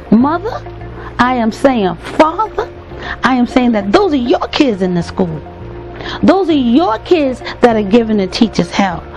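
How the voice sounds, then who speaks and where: A woman's voice: high-pitched, a little mellow. A woman preaching a sermon, earnest and emphatic, repeating phrases for weight and calling out to the congregation. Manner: calls out to the congregation directly.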